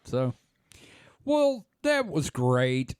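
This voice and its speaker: A man's voice: fairly high pitch, drawn-out words, clear, resonant tone, no echo, clean studio sound. A man with a Southern US accent hosting a podcast, reading a story aloud and joking with his co-hosts. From southern United States. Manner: animated, joking. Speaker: podcast host.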